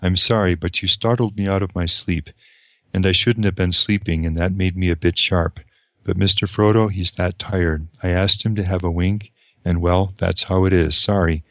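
A man voicing a loyal, gruff young male servant who speaks roughly and bluntly, read aloud from a novel. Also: low voice, fairly even intonation, moderate pace, a bit bright, no echo, clean studio sound. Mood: apologetic.

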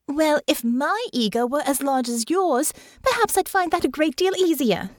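A woman voicing a stubborn, frustrated young noblewoman who sounds high and indignant. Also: moderate pace, dry recording, studio quality, close to an everyday voice.

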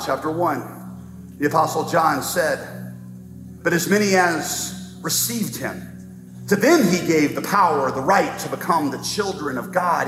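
A male pastor preaching in a church sanctuary, his somewhat high voice ringing through a long, roomy reverb. He leans on slow, deliberate emphasis and slips in light humor, while faint music hangs behind him. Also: a bit bright. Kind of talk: sermon.

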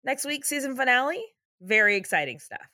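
Animated woman recapping a show. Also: sits high, brisk, no room sound, studio quality. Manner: laughing, animated retelling. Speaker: podcast co-host. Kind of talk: casual recap chat.

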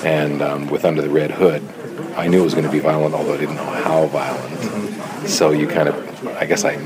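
Low voiced guy, deadpan jokes, busy crowded press room behind him. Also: moderate pace, crowd noise. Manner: deadpan, dry joking. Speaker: voice actor being interviewed. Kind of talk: press junket interview.

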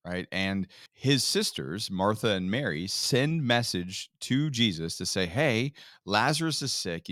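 Male podcast co-host, animated storyteller, expressive pitch, dry studio mic. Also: no room sound. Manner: animated storyteller, acts out quotes. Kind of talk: casual faith podcast teaching.

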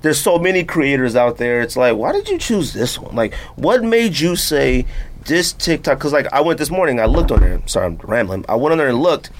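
A man co-hosting a casual podcast, ranting in an animated way with lots of filler words. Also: mid-range voice, a little fast, slight background noise. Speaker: podcast co-host.

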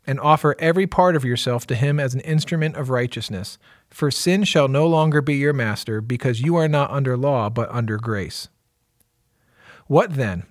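A man's voice: medium pitch, no echo, clean studio sound. A man who is a pastor, teasing his co-hosts in podcast chat and reading scripture aloud expressively. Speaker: executive pastor.

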